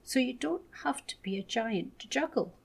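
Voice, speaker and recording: A woman's voice: fairly high pitch, lively intonation, normal speed, vocal fry, husky, voice pushed up, exaggerated voice. A woman voicing a shy, curious little boy who asks timid questions.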